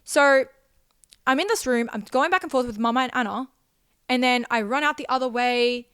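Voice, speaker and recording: A woman's voice: high voice, moderate pace, a bit bright, clear, resonant tone, no room sound, clean studio sound. Emotional young woman recounting events. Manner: emotional, rambling with repeated phrases. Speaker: podcast host. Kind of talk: personal storytelling.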